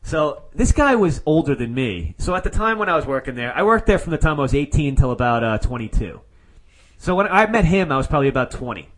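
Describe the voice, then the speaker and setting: Animated New guy telling a story. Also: fairly high pitch, fast talker. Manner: animated, rambling storyteller with many "like" fillers. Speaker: podcast co-host. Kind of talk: casual storytelling chat.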